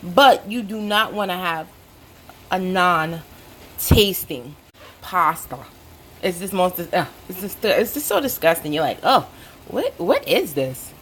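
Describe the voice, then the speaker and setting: A woman's voice: fairly low pitch, animated, slow pace, a bit bright, a little hiss or hum. Chatty woman hosting a cooking vlog. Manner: chatty, direct, playfully bossy asides. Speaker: cooking show host.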